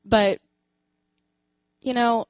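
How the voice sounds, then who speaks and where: A woman's voice: fairly high pitch, very slow, clean tone, no room sound. A young woman giving a personal faith talk, earnest and encouraging, telling stories with laughs and acted-out voices. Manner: animated storytelling, acts out voices in quotes. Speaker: speaker sharing a faith testimony.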